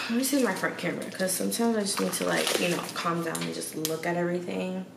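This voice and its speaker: Her voice sits fairly low and creaky, and she talks a little fast as she addresses her viewers directly from home. It's chatty, slangy, sassy vlog talk. She's recorded far from the mic in a noisy, echoey room.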